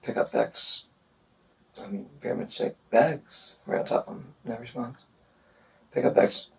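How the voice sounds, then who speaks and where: A man recounting events in a police interview, speaking haltingly and hesitantly with many pauses. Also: medium pitch, fairly even intonation, vocal fry. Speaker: murder suspect in a police interview. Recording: distant interview recording with faint noise.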